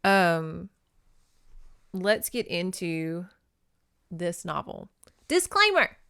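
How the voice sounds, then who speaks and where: A woman's voice: medium pitch, measured pace, fairly bright tone, smooth, no room sound, clean studio sound. A young woman hosting a casual podcast where she recaps an old novel, chatty and giggly, swearing freely. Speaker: podcast host.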